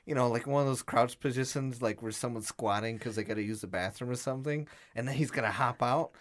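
A man's voice: medium pitch, fast. A young man co-hosting a casual podcast, telling a story and acting out the quotes. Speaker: podcast co-host.

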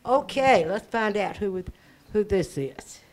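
A woman's voice: mid-range voice, expressive, takes it slowly, darkish tone. A woman hosting a birthday party, upbeat, chatty and joking with guests, on a handheld microphone. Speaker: event host.

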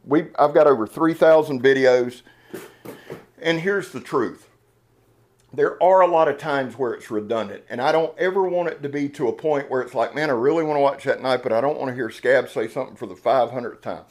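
A man hosting a knife channel, talking in a casual, earnest and emotional way, rambling with restarts. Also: on the high side. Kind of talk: casual unboxing vlog talk.

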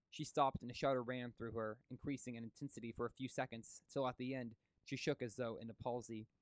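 A man reading a classic novel aloud, steady with occasional stumbles and restarts. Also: mid-range voice, a little fast, few pauses, no room sound. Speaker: audiobook reader.

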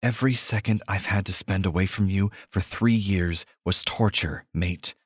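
A man's voice: low voice, normal speed, slightly rough, no echo, studio quality. A man voicing a bold young woman omega in an audiobook romance, with earnest, intimate pleading. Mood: tender.

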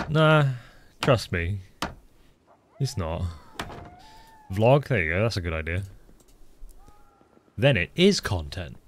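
Man, English Midlands accent, game streamer, casual rambling chat, lowish voice, noisy audio with mouse clicks. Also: very animated, slow, pauses often. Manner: rambling, answers chat, swears offhandedly.

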